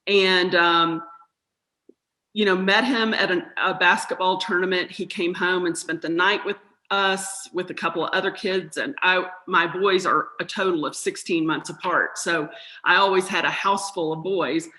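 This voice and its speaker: A woman's voice: fairly low pitch, steady tone, moderate pace, pushed and bright, low-quality recording. A middle-aged woman from North Carolina with a Southern accent, chatting as a podcast guest and telling stories with easy laughs. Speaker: guest, mindset coach. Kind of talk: podcast interview.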